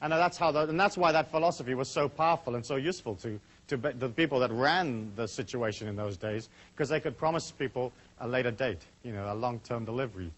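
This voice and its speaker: A middle-aged man leading a seminar in front of a small audience, chatty and brisk, full of asides. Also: mid-range voice. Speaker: seminar speaker. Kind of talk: talk to a live audience.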